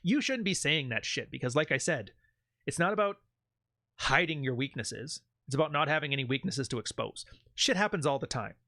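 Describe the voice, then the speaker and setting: A man's voice: mid-range voice, expressive, brisk, sharp tone, no room sound, clean studio sound. A man hosting a channel, giving blunt, profane advice in a casual monologue. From Canada. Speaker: channel host.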